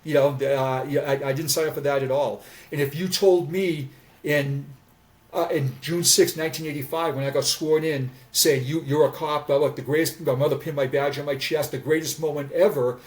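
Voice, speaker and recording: This former police officer, around sixty, has a highish, steady voice and a moderate pace. He tells candid, earnest stories in a podcast chat, repeating words as he starts sentences over. He's recorded from far off the mic.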